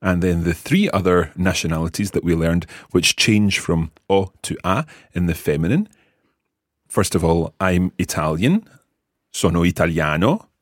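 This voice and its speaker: A man's voice: low voice, moderate pace, dry recording, studio quality. A Scottish man hosting an audio language lesson, patiently enunciating words for learners to repeat. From Scotland. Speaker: language teacher, podcast host.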